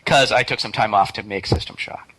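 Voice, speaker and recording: A middle-aged man talking as the guest in a casual interview, relaxed and hesitant, with many fillers and restarts. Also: lowish voice, a little fast, husky, poor audio. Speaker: interview guest, game developer.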